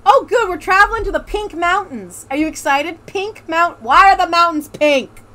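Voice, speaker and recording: A woman's voice: very high-pitched, moderate pace, bright, forceful tone. A woman hosting a let's play, joking, swearing freely and laughing often as she comments on a game. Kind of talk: casual gaming commentary.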